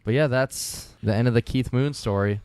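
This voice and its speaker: A man's voice: mid-range voice, normal speed, darkish tone, clean tone, no room sound. A man co-hosting a casual comedy podcast, laid-back and swearing often, laughing with his friends. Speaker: podcast co-host.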